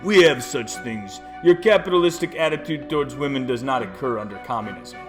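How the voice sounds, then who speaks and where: A man voicing a blunt, curt male Soviet premier in a deliberately poor mock Russian accent. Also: medium pitch, lively intonation, music in the background, natural voice. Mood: dismissive. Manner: curt, snapping.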